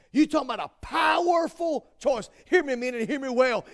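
A pastor delivers a Father's Day style sermon in a strikingly high voice with a gravelly edge. He moves from low, hushed asides to fervent shouting, pressing each point with repetition. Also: big pitch swings, a little fast. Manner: swings from quiet asides to shouted exhortation.

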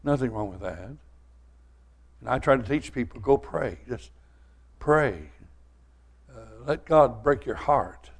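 Older preacher guy, folksy stories, gets loud then drops real quiet, regular middle pitch. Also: animated, slow pace, long pauses, slightly rough. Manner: folksy storytelling preacher, swings from loud to soft. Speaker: pastor. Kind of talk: sermon.

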